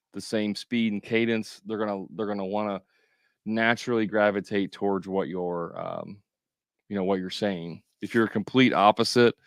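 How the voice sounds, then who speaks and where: A man's voice: fairly low pitch, clear, resonant tone, dry recording, clean studio sound. A man coaching contractors in a casual livestream, talking straight to viewers with joking asides.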